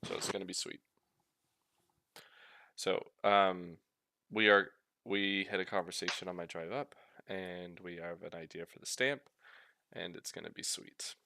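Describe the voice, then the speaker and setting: Low, gravelly laid-back man. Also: fairly even intonation, unhurried, pauses often, bright, forceful tone, no room sound. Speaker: co-host. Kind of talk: casual livestream chat.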